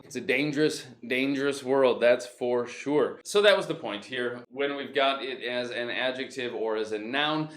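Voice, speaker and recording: A man hosting a casual, improvised English vocabulary lesson, explaining news headlines playfully and acting out words. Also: on the high side. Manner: playful, animated, acts out words. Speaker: English teacher and host. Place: home room. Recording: echoey room.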